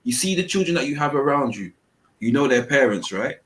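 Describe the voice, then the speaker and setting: A man's voice: medium pitch, expressive, brisk, low-quality recording. A man hosting a heated panel debate, insistent and holding the floor with rhetorical questions. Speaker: host.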